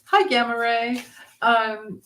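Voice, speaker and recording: A woman's voice: fairly high pitch, fairly even intonation, slow, a bit bright, slight background noise. A woman hosting a casual livestream of tarot readings, chatty and rambling, laughing often. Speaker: tarot reader and host.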